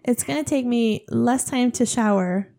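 A woman's voice: fairly high pitch, creaky. Giggly young woman co-hosting a podcast. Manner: giggly, animated, quick to laugh. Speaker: podcast co-host. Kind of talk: casual chat.

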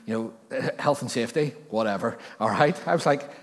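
A male pastor preaching at an ordinary middle pitch, his conversational delivery full of jokey asides and self-corrections. Every line trails off into the long reverb of a church hall. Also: expressive, fairly quick. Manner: restarts and repeats words while thinking aloud. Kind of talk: sermon.

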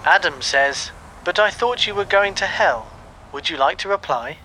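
A man's voice: high voice, moderate pace, over music, rough recording. A man voicing a polite male phone voice assistant who keeps mishearing, in a comedy sketch. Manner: polite, flat and even like a machine.

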